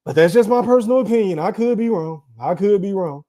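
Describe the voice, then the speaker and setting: Animated man hosting a live boxing podcast. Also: sits high, brisk. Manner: animated, laughs often, talks straight to the chat. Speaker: podcast host. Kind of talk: casual live-stream commentary.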